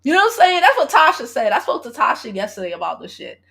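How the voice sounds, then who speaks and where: A woman, telling a story on her live stream in a casual, animated, profane way and talking straight to her viewers. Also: sits high, quick pace, creaky. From Brooklyn, New York. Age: 40s. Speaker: gossip vlogger and love coach.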